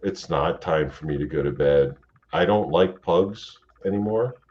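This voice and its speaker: The livestream host speaks at a measured pace in a low-pitched, darkish voice. Chatting with guests late at night, he rambles and swears freely, and the lo-fi stream audio sounds dull with faint hiss.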